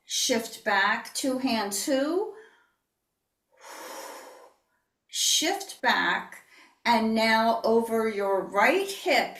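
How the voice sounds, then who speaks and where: A woman instructor giving calm, breathy step-by-step movement cues in an online class. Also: on the high side. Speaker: yoga and tai chi instructor. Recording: roomy, distant online-class audio.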